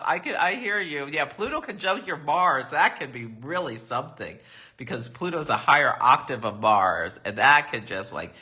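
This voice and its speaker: A man's voice: mid-range voice, sharp tone. A man hosting a live astrology reading, chatty and affirming as he answers viewer comments. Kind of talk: live-stream reading and chat.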